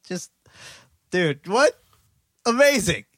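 A man's voice: sits high, big pitch swings, slow pace, a bit bright, no echo, studio quality. Man recapping a film, laughing often. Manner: laughs often, restarts phrases. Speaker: podcast host. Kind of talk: casual podcast recap, reading scene descriptions.

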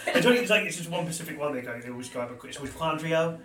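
An English man co-hosting a casual wine chat, animated and quick to jump in over others. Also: fairly high pitch, background noise. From England. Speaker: podcast co-host. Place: members club room. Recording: echoey room.

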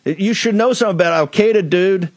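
A man's voice: high-pitched, fast talker, no echo. A man hosting a political talk show, delivering a blunt, fiery, emphatic monologue.

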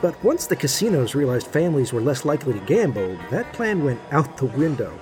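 A man's voice: medium pitch, very animated, brisk, music in the background, natural voice. An actor playing a cocky male card hustler who narrates with a wry, sardonic tone and puts on a fake Australian accent at the table. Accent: fake Australian put-on over American. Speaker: narrator and poker player. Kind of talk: scripted audio drama.

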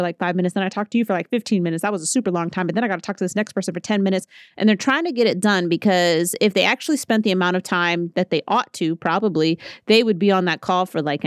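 A woman in her thirties hosting a podcast, telling stories in a casual, animated way and acting out what people said. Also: medium pitch, no echo, clean studio sound. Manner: chatty, animated storytelling with acted-out quotes. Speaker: podcast host. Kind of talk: casual solo podcast talk.

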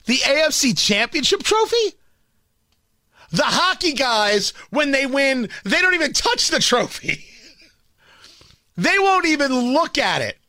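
Combative high-voiced talk radio man. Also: big pitch swings, measured pace, pauses often, sharp tone, no room sound, studio quality. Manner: combative, ranting, repeats and restarts words. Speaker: radio talk show host. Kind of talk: opinionated talk radio monologue.

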